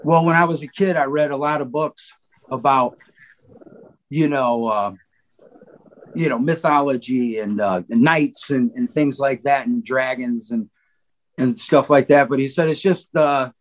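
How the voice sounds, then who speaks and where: A man's voice: mid-range voice, measured pace, low-quality recording. A man telling stories in a casual podcast chat, rambling with many fillers and quoted asides. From Cleveland, Ohio. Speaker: guest drummer.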